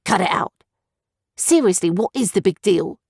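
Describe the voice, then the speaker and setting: A woman's voice: lowish voice, expressive, normal speed, gravelly, a little mellow, husky, no echo, clean studio sound, full character voice. Woman doing a drowsy young male griffin. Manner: drowsy, offhand and teasing.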